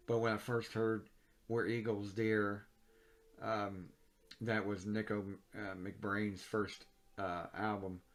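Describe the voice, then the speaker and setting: A middle-aged man talks casually in his home office, his voice sitting a little low. He rambles, fills pauses with ums and uhs, and corrects himself as he goes. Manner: rambling, many fillers and self-corrections. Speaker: record collector reviewing albums. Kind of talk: casual vlog chat. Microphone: mic on a stand near the camera.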